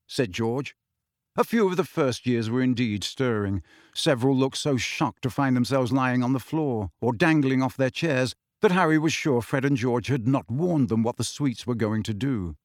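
A man's voice: medium pitch, moderate pace, no echo, clean studio sound. A man narrating a novel expressively as an audiobook reader. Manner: lively, expressive storytelling. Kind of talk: scripted narration.

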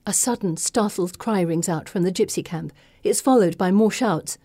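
A woman reading a first-person audiobook narration with an expressive, dramatic delivery. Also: mid-range voice, moderate pace, no room sound, clean studio sound.

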